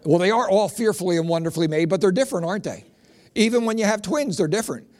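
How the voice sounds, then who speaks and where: High-voiced and fast, a middle-aged man from Pennsylvania who is both preacher and comedian tells energetic stories and lands punchy jokes in a stand-up routine.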